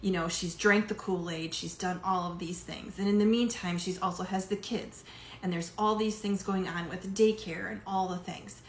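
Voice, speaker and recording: A woman's voice: mid-range voice, steady tone, moderate pace. A middle-aged woman, a life coach, talking casually to her audience with lots of fillers and some emotion. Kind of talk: casual monologue to camera. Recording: echoey room with faint background noise.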